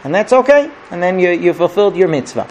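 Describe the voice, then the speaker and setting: Sitting high in pitch with big swings, the rabbi talks at a quick pace in a slightly mellow voice. His lesson is chatty and conversational, dotted with "okay?" and "right?" checks, and he plays out the characters in his stories.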